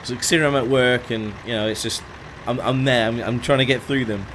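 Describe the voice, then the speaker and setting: A young man talks loosely through a live game stream, reading out viewer names and reacting as he goes. His voice sits at an ordinary middle pitch, and a faint truck engine rumbles under it. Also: fairly even intonation, quick pace, fairly bright tone, a little hiss or hum. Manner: chatty, greets chat viewers by name. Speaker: gaming streamer. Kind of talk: casual live-stream commentary.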